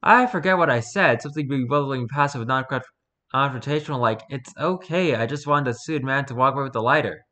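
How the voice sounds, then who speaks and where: A man casually reading a spooky first-person story aloud, relaxed and unpolished, stumbling and correcting himself as he goes. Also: mid-range voice, fast. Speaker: story reader.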